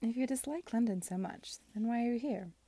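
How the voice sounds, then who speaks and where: A man's voice: very high voice, fairly quick, mellow, no echo, pitched above the performer's own voice. A woman reading aloud as a worldly, amused lady in her early forties, dry in manner, in a storybook reading.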